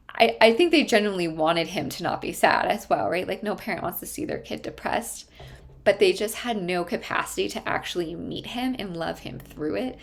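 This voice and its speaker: A woman's voice: on the low side, vocal fry. A woman therapist explaining a TV series in a thoughtful way, often stopping to search for her words.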